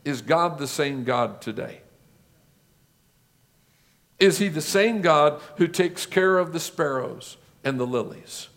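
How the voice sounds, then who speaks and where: A man's voice: on the high side, expressive, fairly bright tone. A male pastor preaching a sermon, building his points with lists and rhetorical questions. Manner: rhetorical questions, measured listing.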